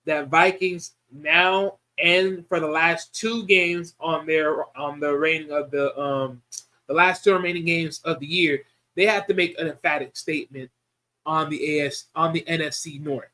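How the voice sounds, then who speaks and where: High-voiced young man talking football picks. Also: bright, forceful tone. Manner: repetitive, emphatic, restarts sentences. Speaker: sports show host. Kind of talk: casual sports predictions talk.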